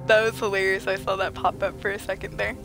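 A woman's voice: medium pitch, little pitch movement, quick pace. Woman, livestream gamer, playful chatter, slightly sick voice, faint music behind. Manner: playful, chatty, laughs often, reads chat aloud. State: a little sick, throat off. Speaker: livestreamer playing a game. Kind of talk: casual livestream chat with viewers.

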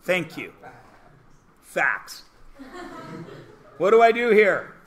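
High, bright wisecracking math teacher. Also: male voice, big pitch swings, drawn-out words. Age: 40s. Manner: wisecracking, theatrical asides and bursts of shouting. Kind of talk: joking classroom lecture. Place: classroom.

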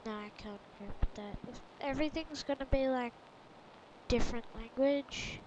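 Aussie girl gamer, high voice, slow chatter w/ sudden yelps, faint hiss behind. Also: dull audio. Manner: excitable, chattering to herself with sudden exclamations. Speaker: let's play gamer. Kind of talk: gameplay commentary.

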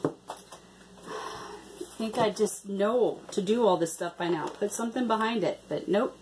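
A woman's voice: mid-range voice, unhurried, background noise. A woman chatting casually in a craft vlog, hesitant with many ums and restarts. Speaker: cross-stitch vlogger.

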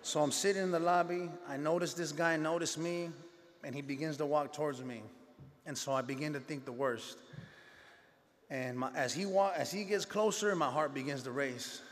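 A man's voice: a little high, moderate pace, in a large hall. A man giving a personal testimony speech to an audience, telling his story in a conversational way with street slang and acting out the dialogue. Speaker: speaker sharing his life story at a gala.

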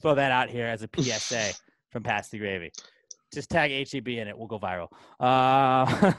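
A young man co-hosting a podcast, ranting loudly and angrily with lots of swearing. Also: mid-range voice, moderate pace. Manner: profane, loud, angry ranting. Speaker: podcast co-host. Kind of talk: heated rant on a podcast.

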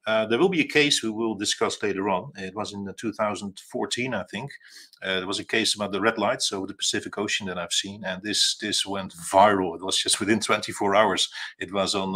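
A man in his thirties from the Netherlands with a Dutch accent, a cargo pilot speaking as a guest on a video call, halting and full of fillers and restarts. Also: on the low side, bright, forceful tone. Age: 30s. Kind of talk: casual interview talk.

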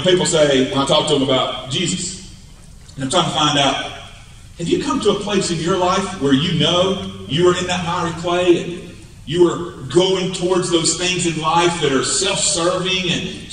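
High, bright preacher in an echoey hall. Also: male voice, distant mic, a little hiss or hum. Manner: animated storytelling, rising to emphatic peaks. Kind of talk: sermon. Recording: echoey hall, mic from afar.

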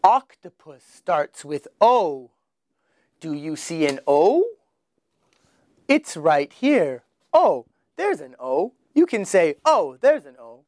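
A man teaching children their letters, slowly sounding out each one with exaggerated emphasis. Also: a little high, big pitch swings, darkish tone, no echo, studio quality. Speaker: English teacher. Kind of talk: children's phonics lesson.

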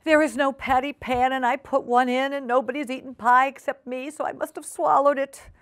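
A woman's voice: high voice, fairly even intonation, fairly quick, fairly bright tone, no echo, clean studio sound, pitched above the performer's own voice. Give me a woman reading as a flustered storybook lady dog who sighs and hesitates. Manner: sighing, hesitant, stammering.

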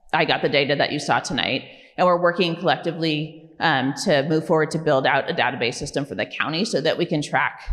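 A woman directing a program, giving an informal, conversational presentation at a community meeting, with frequent ums and tag questions. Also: low-pitched. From California. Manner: conversational, many fillers like "um" and "right?". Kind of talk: informal presentation to a public audience. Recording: long reverb of a meeting hall.

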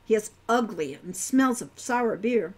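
A woman doing a prim young centaur girl from a storybook, high and lively, speaking in careful formal sentences. She sounds earnest and a little proper. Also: a little slow, breathy edge, exaggerated voice. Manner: formal, avoids contractions. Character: prim fourteen-year-old centaur farm girl.

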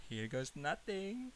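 A gaming YouTuber with an Indonesian accent plays a horror game in a high, fairly bright voice, on a rough recording with slight background noise. Jumpy and nervous, he repeats himself in panic, then laughs it off.

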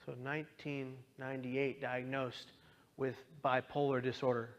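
A young man earnestly telling his own story as a talk, moving from quiet to impassioned. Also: medium pitch, little pitch movement, measured pace, highs cut off. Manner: earnest, swings from hushed to impassioned. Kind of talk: personal testimony talk.

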